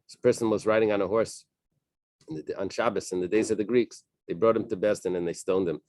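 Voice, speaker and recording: Man, Talmud class leader, low voice, halting casual explaining, reads then translates, dry close mic. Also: darkish tone, no room sound. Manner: reads Aramaic then translates, with frequent fillers and restarts; casual, thinking aloud.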